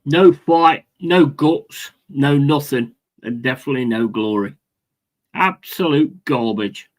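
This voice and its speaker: A man with a mid-range voice hosts a football watch-along stream, speaking slowly over a low-quality recording. He rants angrily, swears constantly and repeats himself while answering viewers.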